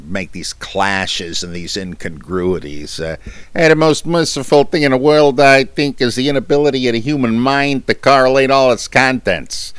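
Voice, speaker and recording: A man hosting a podcast, chatting casually and haltingly with many fillers as he answers listener questions, with self-deprecating humor. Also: low voice, fairly bright tone, no room sound. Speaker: podcast host.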